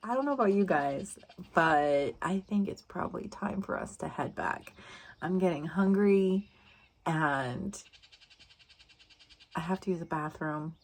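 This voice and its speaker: A woman hosting a casual vlog outdoors in a marshy refuge, talking into a handheld camera with giggly, gushing excitement. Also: on the low side, a little slow, long pauses. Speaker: vlog host. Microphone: handheld camera at arm's length.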